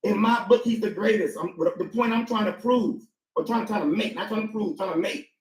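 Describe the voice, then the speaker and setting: A man's voice: high-pitched, fairly quick, roomy sound, rough recording. A man speaking as a guest in a casual panel discussion, hammering his points home and repeating key words for emphasis.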